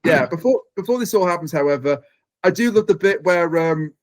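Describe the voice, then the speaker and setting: Chatty man recapping with a higher voice. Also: lively intonation, a little fast. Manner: recaps plot eagerly, chatty. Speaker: podcast host. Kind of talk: casual chat.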